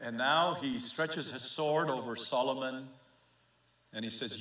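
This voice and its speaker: A man pastor preaching an impassioned sermon, swinging between hushed and fervent passages. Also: medium pitch, unhurried. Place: church sanctuary. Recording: echoey church sanctuary.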